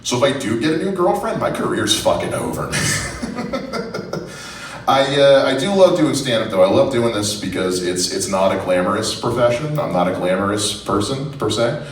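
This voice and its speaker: On a comedy club stage, a young man performs a profane, self-deprecating stand-up set in a lowish, sing-song voice at normal speed. He's far from the mic, so the sound is roomy and distant with faint noise.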